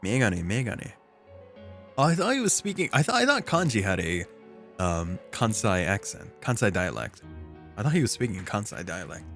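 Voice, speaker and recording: A man streaming a game, talking casually in an animated, rambling way with restarts. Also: on the low side, normal speed, faint music behind. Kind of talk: casual gameplay commentary.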